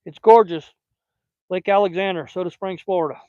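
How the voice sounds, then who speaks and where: A man's voice: sits high, steady tone, fairly quick, dark tone, dry recording. A man hosting a casual fishing live stream outdoors by a lake, chatting in a folksy way and talking fondly to his dog, recorded on a phone. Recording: dull, dry phone audio.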